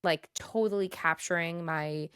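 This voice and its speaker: A woman co-hosts a podcast in casual chat, rambling and giggling with plenty of fillers. Her voice sits on the low side, fairly bright, clear and resonant, with fairly even intonation and an unhurried pace. The studio-quality recording has no room sound.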